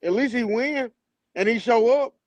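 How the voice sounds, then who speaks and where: A man on a basketball podcast panel, arguing his side in casual heated debate with quick comebacks. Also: very high-pitched, dry recording.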